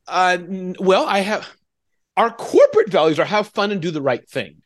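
A man as an interview guest, telling stories in an animated, emotional way. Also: sits high, moderate pace. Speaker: interview guest, keynote speaker. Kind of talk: casual interview conversation.

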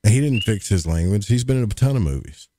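A man's voice: lowish voice, animated, fast talker, warm tone, no room sound, clean studio sound. A man, co-hosting a podcast in casual, rambling chat with jokes. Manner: folksy, rambling, jokey. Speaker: podcast co-host.

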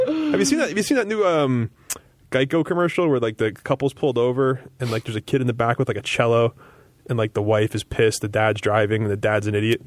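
A man's voice: medium pitch, dry recording. A man co-hosting a casual chat podcast, rambling and joking as he riffs on movies and hockey. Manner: rambling, joking, quick to riff. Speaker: podcast co-host.

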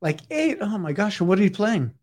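A man in his forties with a high voice runs a live hypnosis demonstration. He repeats his suggestions over and over, at times firm and loud, at times dropping to a near hush. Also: sing-song, normal speed. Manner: repetitive, insistent suggestions, shifting between loud and hushed. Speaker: stage hypnotist.

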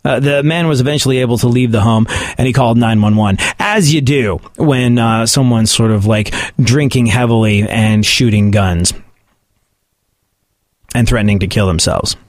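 A man's voice: medium pitch, normal speed, dry recording, clean studio sound. A man giving sarcastic comedic commentary on the news and often laughing at his own points.

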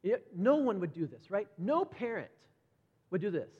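A man's voice: high voice, big pitch swings, normal speed, husky. Man, middle-aged, conversational sermon, repeats words, dull lo-fi recording. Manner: conversational, repeats words, acts out quoted voices brightly. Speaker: pastor. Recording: dull lo-fi sound with long hall reverb.

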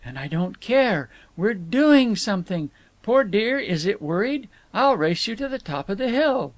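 A man's voice: high-pitched, big pitch swings, moderate pace, no room sound, full character voice. A man reading an audiobook, voicing a moody, fretful young woman who scolds and complains in a raised voice. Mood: gleeful. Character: moody, petulant young woman, tired traveler.

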